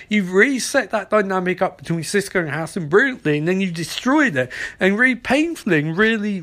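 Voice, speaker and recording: A man giving a casual, excitable recap of a TV episode, often exclaiming and swearing, and dropping his voice low for dramatic moments. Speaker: TV episode reviewer.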